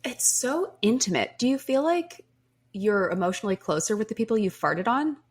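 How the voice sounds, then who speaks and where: A woman's voice: fairly high pitch, expressive, moderate pace, breathy edge. A woman hosting a podcast, telling candid stories in casual chat with frequent laughs. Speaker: podcast host.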